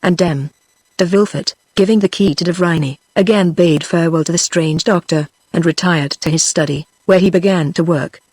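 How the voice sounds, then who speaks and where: A text-to-speech woman's voice with a British accent, reading a classic novel aloud in an even, measured way. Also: lowish voice, no room sound. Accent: British English. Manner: even, measured reading of dialogue and narration alike. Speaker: narrator. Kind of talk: synthetic audiobook narration.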